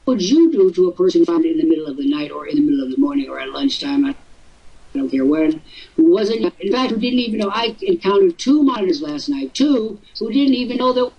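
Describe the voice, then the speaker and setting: A man in his seventies hosting a live webinar, teasing and firing off rhetorical questions, his voice swooping high for emphasis. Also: very animated, a little fast. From Illinois, USA. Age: 70s. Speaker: host. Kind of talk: webinar talk. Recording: dull lo-fi webinar audio.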